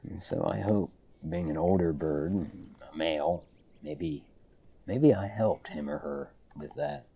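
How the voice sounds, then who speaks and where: A man's voice: deep voice, expressive, measured pace, gravelly, dark tone, muffled recording. A man streaming a game, telling a rambling story with dry humor and frequent self-corrections. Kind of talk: casual storytelling while streaming.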